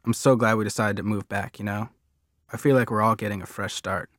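A man reading an audiobook, voicing a chatty, flustered young mother who talks fast and rambles apologetically. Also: fairly low pitch, fairly even intonation, fairly bright tone, no echo, studio quality, close to an everyday voice. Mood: earnest.

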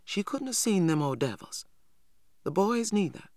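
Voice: medium pitch, sing-song, moderate pace, a little mellow, no room sound, voice pushed up. A reader voicing an elderly, protective grandmother who speaks in a folksy rural dialect, recorded dry. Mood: worried. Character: old grandmother, worried and protective. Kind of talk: audiobook character voice.

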